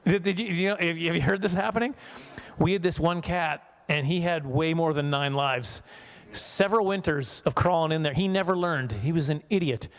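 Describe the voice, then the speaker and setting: A man's voice: fairly high pitch, normal speed. A man in his forties from Saskatchewan doing a chatty, self-mocking stand-up comedy set, laughing at his own jokes. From Saskatchewan, Canada. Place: church hall.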